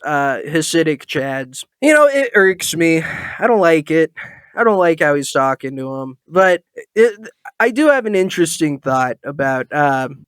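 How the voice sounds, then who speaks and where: A man's voice: fairly high pitch, fairly bright tone, smooth, no echo. A man hosting a podcast in casual chat, joking and slipping into mocking voices, with a sore throat. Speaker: podcast host.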